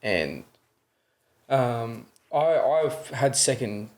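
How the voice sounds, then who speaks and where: Gravelly young Australian man, earnest storyteller. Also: mid-range voice, big pitch swings, very slow, a little mellow. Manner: earnest, keeps adding "you know what I mean"; acts out the voices in his retellings. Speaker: podcast guest. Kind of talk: candid interview storytelling.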